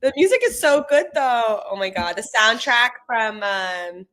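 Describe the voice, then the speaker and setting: A woman's voice: a little high, expressive, unhurried, bright, forceful tone. A young woman guesting on a podcast, joking and rambling with lots of fillers. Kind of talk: casual chat.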